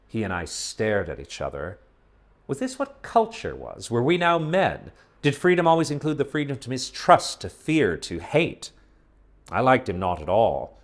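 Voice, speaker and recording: A man narrating a science fiction story aloud with expressive, dramatic delivery. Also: fairly low pitch. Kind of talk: dramatic audiobook reading.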